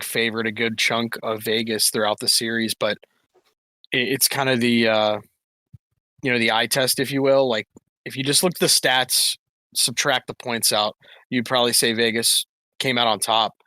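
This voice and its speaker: A man's voice: medium pitch, steady tone, moderate pace, bright, forceful tone, no echo. A man co-hosting a podcast, talking hockey in a casual, analytical way with frequent fillers. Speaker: podcast co-host. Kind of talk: casual sports chat.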